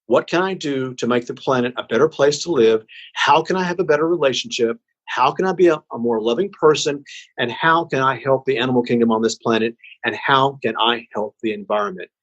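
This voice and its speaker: Male podcast guest, husky and earnest, emphatic spiritual delivery, dull lo-fi call audio. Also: mid-range voice, fairly bright tone. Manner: earnest, slow and emphatic, preaching tone. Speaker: interview guest. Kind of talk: heartfelt spiritual message.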